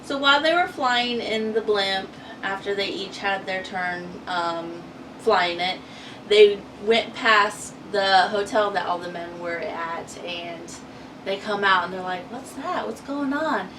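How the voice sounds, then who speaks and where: A woman's voice: mid-range voice, slow pace. A woman co-hosting a casual TV recap, chatty and giggly, acting out quotes as she tells the story. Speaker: co-host of a TV recap channel. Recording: distant mic with noisy background.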